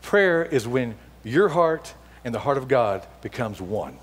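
A middle-aged male guest preacher telling a story from the pulpit, with a voice of middling pitch. He acts out the dialogue with lively energy, then drops into a hushed, earnest appeal. His voice rings with long reverb in a church sanctuary. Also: a little slow, breathy edge. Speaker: guest speaker. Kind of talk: storytelling sermon.

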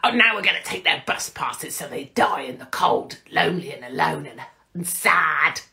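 A woman's voice: deep voice, animated, normal speed, creaky, pushed and bright, full character voice. A British woman mocking a callous, scheming female politician with a cold, dismissive voice. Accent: British English.

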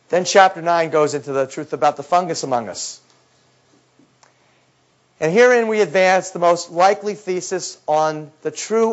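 A man with a fairly high voice gives a lecture, acting out his own past words as he tells the story. He swings from brisk reading down to low, intense asides. The recording sounds dull and lo-fi. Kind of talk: lecture talk.

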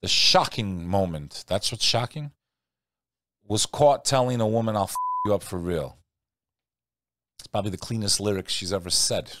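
A man hosting a podcast, talking casually and animatedly, swinging between loud rants and quiet asides. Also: fairly low pitch, normal speed, long pauses, background noise. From Albanian family. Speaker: podcast host. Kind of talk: casual talk-show commentary.

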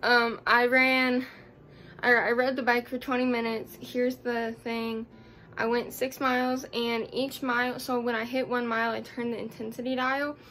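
A woman's voice: fairly high pitch, level tone, moderate pace, a bit bright, a little hiss or hum. A young woman, out of breath after exercising, rambling chattily through a casual workout vlog with lots of fillers. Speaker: vlogger. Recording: background music under voice.

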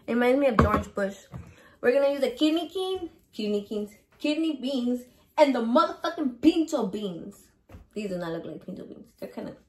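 A young woman filming a casual cooking vlog in her home kitchen. She is playful and swears a lot, and she drops Spanish words into her English. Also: high voice. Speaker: home cook vlogger. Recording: clear noise of chopping and clicks.

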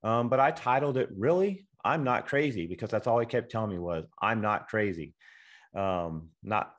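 A man's voice: medium pitch, moderate pace. A middle-aged man from Texas, a photographer, giving an informal talk on photography, chatty and full of fillers, acting out sample dialogue. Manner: conversational, acts out sample dialogue, many fillers. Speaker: guest speaker, photographer.

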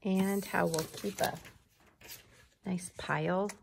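A woman teacher giving a gentle, encouraging lesson to young children, clapping out syllables. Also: fairly low pitch, fairly even intonation, slow pace, creaky, noisy background.

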